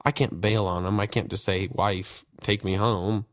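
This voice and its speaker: A young man tells a personal story on his podcast, candid and swearing freely as he acts out his own panicked thoughts. His voice sits fairly low, and the recording is close and dry with almost no room sound. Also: fairly even intonation, moderate pace, no echo. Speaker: podcast host. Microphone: podcast mic.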